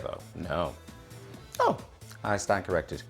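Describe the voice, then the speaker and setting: A male talk show host trading wry quips, his pitch swinging all over the place as he tells jokes and questions a guest. He speaks over a video call, with a bit of music faint underneath. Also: sing-song, normal speed, long pauses. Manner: wry, quipping delivery. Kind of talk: joking monologue and interview.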